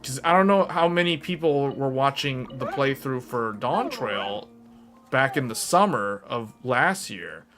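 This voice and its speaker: A man streaming to his viewers, chatting casually in a rambling, animated way and laughing often. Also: mid-range voice, unhurried, soft background music.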